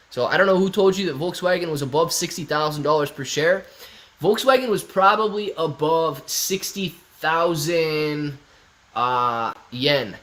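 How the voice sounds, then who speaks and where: Young male streamer, slightly high voice, chatty and excitable, reads chat aloud. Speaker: stock market livestream host. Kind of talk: casual live-stream chat reading viewer comments.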